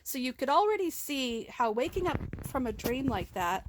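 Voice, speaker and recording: A woman's voice: high voice, sing-song, normal speed, hardly any pauses, very noisy. A woman telling a raw personal vlog story into a handheld phone, rambling and emotional, with many restarts, speaking of herself as "we". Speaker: vlogger.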